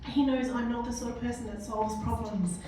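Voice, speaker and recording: A woman doing stand-up comedy with self-deprecating, deadpan storytelling, heard from a distant mic in an echoey live venue. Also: on the high side, brisk, background noise.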